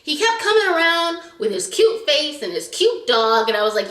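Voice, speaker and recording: A young woman recaps a drama episode in chatty, animated vlog talk. Her bright, fairly high voice swoops all over the place as she acts out scenes. The recording is echoey, as if made in a reverberant room. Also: moderate pace, hardly any pauses. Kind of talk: casual recap chat.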